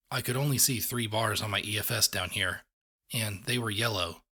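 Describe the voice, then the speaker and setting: Husky, bright-toned male story narrator. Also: on the low side. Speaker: audiobook reader. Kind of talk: first-person fan-fiction narration.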